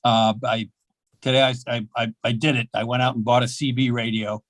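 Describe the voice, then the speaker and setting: An older man doing a self-mocking stand-up set at an open mic, with deadpan delivery and halting fillers. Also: medium pitch, dry recording. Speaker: stand-up comedian. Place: small comedy club.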